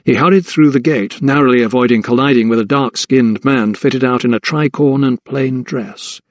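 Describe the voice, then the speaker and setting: A male audiobook narrator reads a historical mystery from a script, measured and suspenseful. His voice sits at an ordinary middle pitch, and the recording is dry and close without room sound.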